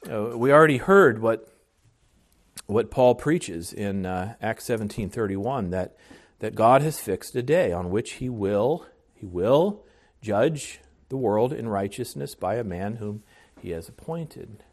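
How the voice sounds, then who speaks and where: A man's voice: fairly low pitch, expressive, measured pace. A man preaching a sermon as pastor, earnest, with restarts and swells of volume on key phrases.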